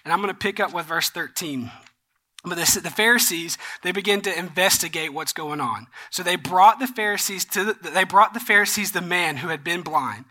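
A pastor preaching a sermon, retelling a Bible story in a casual, animated way with slangy asides. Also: medium pitch, normal speed.

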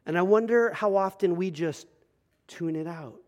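A young adult male pastor preaching a sermon, telling a personal story and swinging from hushed asides to loud emphatic passages. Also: fairly high pitch, animated, unhurried, long pauses.

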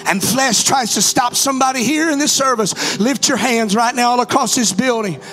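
A man's voice: very high voice, moderate pace, a bit bright, faint music behind. A man preaching a Pentecostal altar-call sermon in a church, fervent and building to urgent exhortation. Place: church sanctuary.

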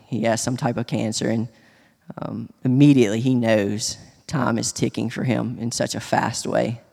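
A man sharing a personal testimony in church, speaking earnestly and haltingly, with many restarts. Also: medium pitch, little pitch movement, vocal fry, a little mellow. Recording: long hall reverb.

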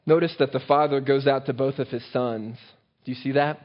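A man's voice: medium pitch, fairly even intonation, a little fast. A man preaching a sermon and often asking his listeners questions, recorded on a dull, lo-fi track. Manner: engaging, asks the listeners rhetorical questions. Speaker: pastor.

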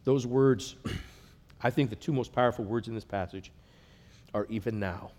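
A man preaching a sermon, earnest, rising to loud emphatic passages and dropping to a near hush. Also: lowish voice, measured pace. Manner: earnest, swells loud then drops to a hush. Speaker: pastor.

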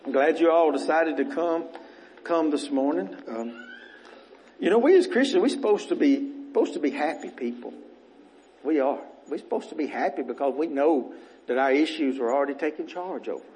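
A man preaching a sermon in church as minister, earnest and rambling, his voice going a little rough. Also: a little high, lively intonation, moderate pace, darkish tone, poor audio. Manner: earnest, rambling, repeats words as he restarts. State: voice getting rough.

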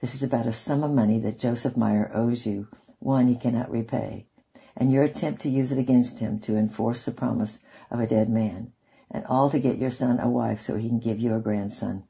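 A man's voice: mid-range voice, fairly even intonation, normal speed, gravelly, mellow, lightly acted. A man reading aloud, voicing a defiant, outspoken young girl who answers firmly. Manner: defiant, firm.

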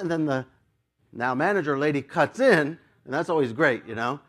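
A male pastor with a slightly high voice, telling a story from the pulpit. He is animated and pokes fun at himself, laughing often as he goes. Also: moderate pace. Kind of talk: storytelling sermon.

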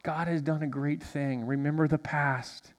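A male pastor preaching a sermon in a church, animated and drawing responses from the congregation. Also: on the high side, unhurried, big-room sound. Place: church sanctuary.

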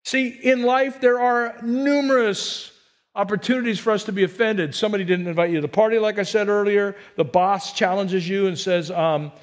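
A pastor with a high-pitched voice delivers a sermon in a lively, theatrical, fairly quick style. He takes on the voices of the people in his stories, swelling from quiet asides to near-shouts.

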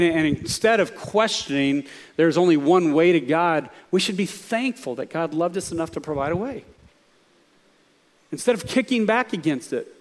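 A man preaching a sermon in a fairly high voice. He talks with his listeners more than at them, asking them questions as he goes. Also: in a large hall. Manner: conversational preaching, asks the audience questions. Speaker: pastor.

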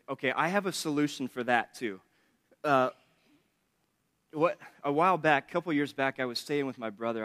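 A man's voice: mid-range voice, a bit bright. A man preaching a sermon in a chatty, joking way, laughing often between points. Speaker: pastor. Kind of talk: conversational sermon with humor.

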